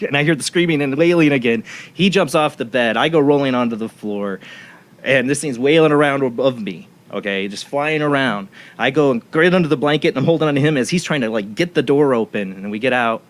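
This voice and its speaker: A man hosting a talk show, telling a personal story in a rambling way with many restarts. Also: medium pitch. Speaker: radio show host. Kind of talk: casual radio talk show chat.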